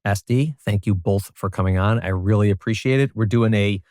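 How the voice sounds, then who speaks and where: A man's voice: fairly low pitch, brisk, a little mellow, no echo, studio quality. A man hosting a podcast interview over a phone call, upbeat and chatty. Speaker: podcast host, doctor.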